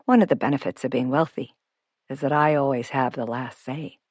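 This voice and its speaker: A woman's voice: extremely low pitch, steady tone, brisk, no room sound, studio quality. A woman voicing a friendly, wealthy Irish man who is down to earth and teasing, with an Irish accent. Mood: genial. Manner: warm, teasing, homely.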